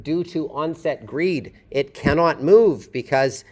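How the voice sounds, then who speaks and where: Guy teaching english sounds to a class, slow and careful, bit high voice. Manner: explains slowly, drawing out sample words. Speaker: phonetics teacher. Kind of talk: classroom lecture.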